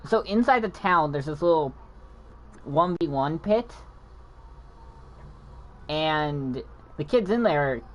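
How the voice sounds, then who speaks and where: Man who stutters, telling a rambling story. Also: fairly high pitch. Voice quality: stutters, mumbles when explaining. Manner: rambling, frequent restarts and backtracking. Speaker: gaming channel host. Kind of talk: casual storytelling chat.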